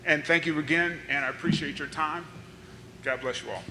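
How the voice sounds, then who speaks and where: A man's voice: fairly high pitch, fairly even intonation, normal speed, heavy background noise. A man giving earnest, conversational public testimony with frequent fillers. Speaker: public commenter. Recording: reverberant hearing room.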